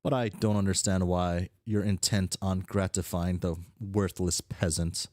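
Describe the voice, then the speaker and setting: A man's voice: deep voice, little pitch movement, unhurried, darkish tone, no room sound, studio quality. A man voicing a haughty, formal young male alien troll aristocrat who speaks in stiff, pompous sentences. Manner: stiff, pompous, long-winded formal speech.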